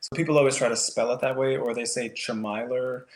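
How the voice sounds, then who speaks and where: Flat-voiced man with a rambling manner. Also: mid-range voice, quick pace, echoey room, a little hiss or hum. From Canada. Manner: thoughtful, rambling with many fillers. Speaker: painter, guest. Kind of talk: casual interview conversation.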